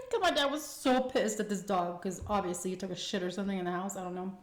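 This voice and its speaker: A young woman telling a personal story casually while eating, animated and acting out the quotes. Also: medium pitch, brisk. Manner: animated retelling with acted-out quotes. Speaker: mukbang storyteller. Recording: echoey room.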